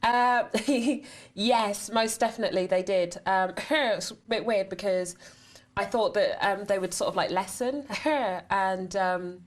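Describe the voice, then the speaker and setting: A woman on a video call, talking slowly and laughing often, with sudden tic outbursts. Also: mid-range voice. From England. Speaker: interviewee with Tourette's. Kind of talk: casual chat on a video call.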